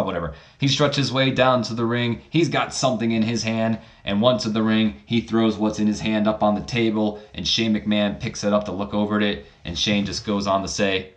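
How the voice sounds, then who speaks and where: A man hosting a game playthrough, narrating casually and correcting himself as he goes. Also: fairly low pitch. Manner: rambling, self-correcting. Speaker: let's play host.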